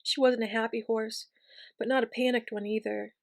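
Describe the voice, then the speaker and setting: A woman reading a fantasy novel aloud in an even, measured narration. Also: a little high, vocal fry. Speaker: reader. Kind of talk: audiobook reading.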